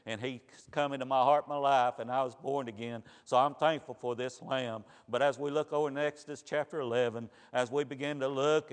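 A man's voice: mid-range voice, smooth. A man preaching a sermon, giving earnest testimony that rises to fervent emphasis. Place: church sanctuary. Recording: church hall reverb.

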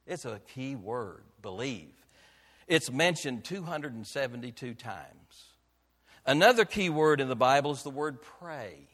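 A male pastor delivers a sermon in a church sanctuary, his voice trailing off in a long hall reverb. He preaches emphatically, firing rhetorical questions and shifting between loud declarations and quiet, earnest passages. His pitch sits in an ordinary middle range for a man. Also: animated, unhurried.

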